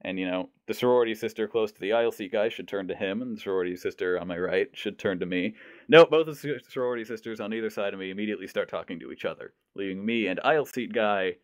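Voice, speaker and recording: A young man tells a story on a podcast, playing each person in it as he goes. His voice sits fairly low. The sound is dry and close, with no room around it. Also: quick pace, few pauses, no room sound. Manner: animated storyteller, mimics voices. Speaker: podcast host. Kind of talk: casual storytelling.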